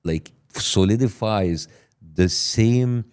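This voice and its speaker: A middle-aged man whose first language is Arabic, a guest arguing deliberately and indignantly, stacking up grievances. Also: lowish voice, a little mellow, clear, resonant tone. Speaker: guest on a podcast clip. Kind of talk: pointed interview argument.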